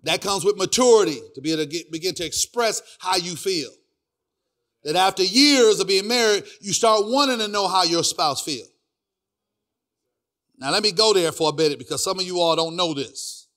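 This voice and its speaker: Here a middle-aged pastor preaches with a high-sitting, expressive voice at moderate speed. His sermon swings from quiet asides to loud sung passages, filled with "praise God" and "hear me."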